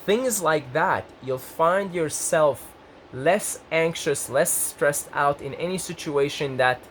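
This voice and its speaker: A young man talks casually to his viewers, rambling and restarting his sentences. When he gets excited his voice leaps up high, then settles back down. A faint hum of background noise sits behind him. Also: slow pace. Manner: rambling, self-interrupting, lively pitch jumps when excited. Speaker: vlogger. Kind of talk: casual talk to camera.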